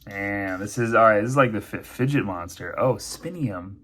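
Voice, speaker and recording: A man's voice: lowish voice, moderate pace, fairly bright tone, husky. Chatty man thinking aloud. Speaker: knife and pen reviewer. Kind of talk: casual unboxing review.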